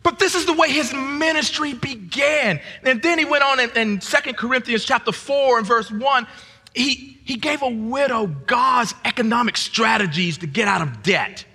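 A man preaching as a guest pastor, restarting his phrases and rising to shouts at the peaks. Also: very high voice, normal speed, husky, big-room sound. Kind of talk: sermon.

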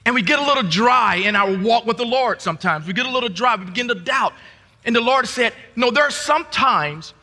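A man preaching as a guest pastor, restarting his phrases and rising to shouts at the peaks. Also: extremely high pitch, quick pace, big-room sound. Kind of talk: sermon.

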